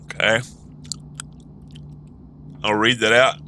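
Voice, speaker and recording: Slow, bright-voiced male streamer. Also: fairly low pitch, flat delivery, slight background noise. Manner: slow, repeats questions word by word while typing. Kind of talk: casual live-stream chat.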